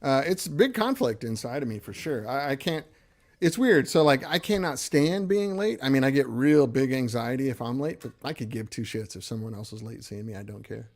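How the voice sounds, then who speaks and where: A man's voice: mid-range voice, lively intonation, brisk. A man hosting a casual livestream, rambling and laughing as he reads viewer comments aloud. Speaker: livestream host and guitarist.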